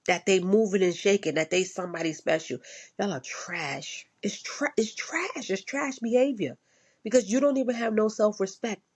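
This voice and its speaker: A woman's voice: medium pitch, a little mellow, husky. A woman ranting casually, blunt and profane, repeating herself for emphasis. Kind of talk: casual rant.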